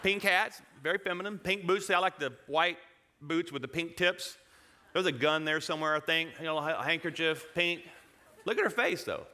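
His pitch is fairly high and his speed normal as he shares a personal anecdote with a congregation. The delivery is lively, punctuated by chuckles and sentences he abandons partway.

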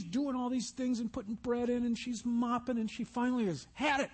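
Husky high-voiced preacher, man. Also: a little fast, few pauses. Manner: storytelling preacher acting out Bible scenes in voices. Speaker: pastor. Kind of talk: sermon.

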